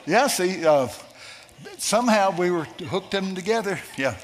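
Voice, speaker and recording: A man telling a story in a sermon, animated and shouting out the quoted lines. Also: high voice, moderate pace. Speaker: preacher. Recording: long hall reverb.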